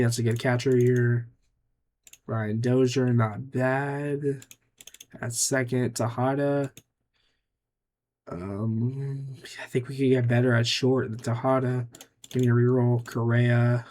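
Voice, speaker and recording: A man's voice: mid-range voice, a little mellow. A young man giving casual gameplay commentary, muttering offhand, dry remarks to himself as he makes picks. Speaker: gaming YouTuber.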